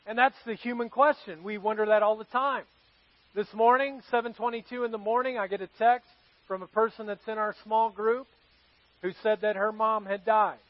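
High-voiced man preaching a sermon. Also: dry recording, muffled recording. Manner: conversational storytelling, asks the audience questions. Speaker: pastor. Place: church service with live congregation.

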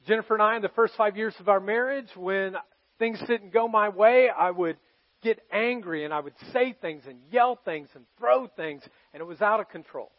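A male pastor preaching a sermon, telling personal stories earnestly and moving between loud emphasis and hushed moments. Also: sits high, moderate pace, lo-fi sound. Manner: earnest, confessional storytelling to a congregation, swinging from loud to hushed.

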